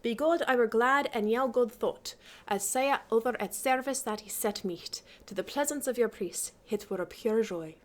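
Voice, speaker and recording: A woman's voice: a little high, normal speed, close to an everyday voice. A woman reading the part of a courteous young male knight, politely deflecting, in an earnest, formal recitation of old verse.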